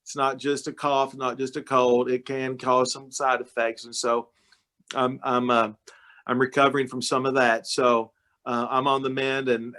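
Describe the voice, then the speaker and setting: A man tells a story in a folksy, heartfelt way, his voice sitting at an ordinary middle pitch. He talks to a club on a video call, loose and chatty, with plenty of "y'all.". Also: pushed and bright. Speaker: county judge. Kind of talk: informal talk to a club meeting.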